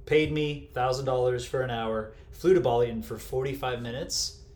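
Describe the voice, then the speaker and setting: A man guest, a health coach, telling stories in a casual interview, animated and candid, swearing freely. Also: mid-range voice, moderate pace. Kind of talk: casual storytelling in a podcast interview. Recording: echoey room with faint ambience.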